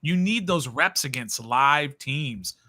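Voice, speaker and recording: Male panelist, very bright tense tone, slightly high pitch, firm explaining. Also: lively intonation, slow. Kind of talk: casual sports chat.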